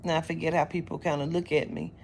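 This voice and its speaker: Gravelly low-voiced woman telling stories. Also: fast, slight background noise. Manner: blunt, profane, animated retelling. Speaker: spiritual reader. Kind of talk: casual storytelling to camera.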